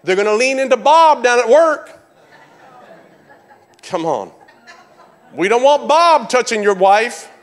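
A male pastor preaching to his congregation in a high, bright voice. He repeats key phrases and calls out to the room for agreement. He talks with energy and humor. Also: slow, long pauses. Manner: animated preaching with call-outs to the congregation. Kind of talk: sermon.

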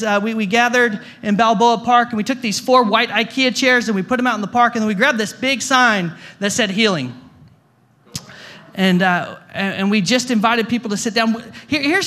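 Stammering, bright-voiced male pastor. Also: extremely high pitch. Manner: stammering restarts, repeats words; conversational, jokey asides. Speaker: guest pastor. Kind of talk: storytelling sermon.

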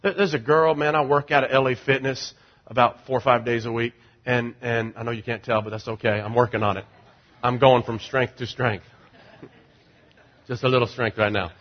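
A middle-aged male pastor preaching a sermon, animated, moving between quiet conversational asides and loud, rising declarations. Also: mid-range voice, moderate pace, dull audio.

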